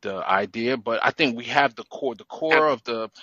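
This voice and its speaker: A man's voice: medium pitch, normal speed, sharp tone, no echo, muffled recording. A man speaking as a guest on a podcast, explaining a project with hesitant restarts. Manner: hesitant, many fillers and restarts. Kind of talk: casual call-in podcast chat.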